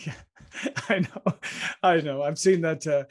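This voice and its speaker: A man's voice: on the high side, measured pace. A man with an Irish accent hosting an interview, chatting easily and telling anecdotes with a laugh. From Ireland. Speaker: host. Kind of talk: interview conversation.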